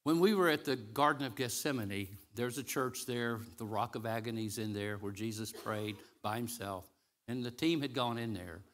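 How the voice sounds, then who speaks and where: A man preaching a sermon as interim pastor in a church, moving from loud, rising declamation to soft, hushed storytelling, slowing to stretch key phrases. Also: medium pitch. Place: church sanctuary.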